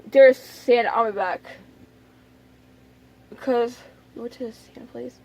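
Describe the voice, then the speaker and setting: A young woman vlogging to camera, telling a story in a rambling, chatty way full of fillers and restarts, and often dropping to a soft near-whisper. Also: fairly high pitch, steady tone, slow, pauses often, a little hiss or hum.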